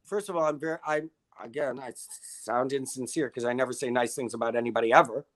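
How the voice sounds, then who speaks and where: A man's voice: mid-range voice, fast talker, fairly bright tone. An older man, a guest in a casual interview, telling long stories in a wry, self-deprecating way.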